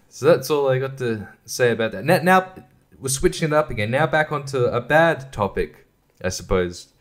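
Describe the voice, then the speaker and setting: A man hosting his own podcast in casual solo chat, rambling, swearing freely and laughing often. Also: lowish voice. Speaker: podcast host.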